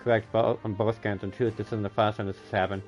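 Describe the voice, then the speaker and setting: A man's voice: on the low side, little pitch movement, fast talker, soft background music. A man streaming live, reading game dialogue aloud and often correcting himself mid-line. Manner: reads lines aloud with frequent self-corrections.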